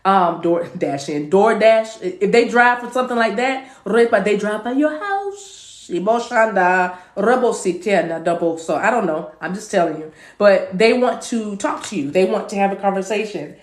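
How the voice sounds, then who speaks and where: This tarot reader has a medium-pitched, slightly mellow voice and addresses her viewers live from a room with echo. She keeps things chatty, circles back over the same phrases, and sometimes slips into tongues.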